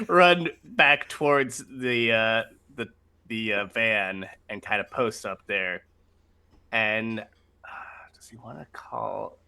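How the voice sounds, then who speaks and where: A man's voice: fairly low pitch, expressive, takes it slowly, gravelly, pauses often, bright, forceful tone, clear, resonant tone. A man playing in a tabletop game, thinking aloud with hesitant, stammering restarts. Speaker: player. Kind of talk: casual tabletop play.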